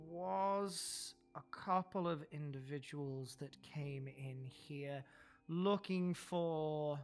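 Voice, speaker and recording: Brief: man doing a wary, formal potion-shop keeper for a tabletop game, slow and deliberate. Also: on the high side. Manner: slow, formal, wordy speech. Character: formal male alchemy shopkeeper, guarded and measured. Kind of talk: tabletop role-play.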